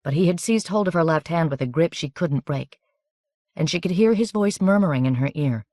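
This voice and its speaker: A woman narrating an audiobook in an even, measured, scripted reading on a close studio microphone. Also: low voice, no echo.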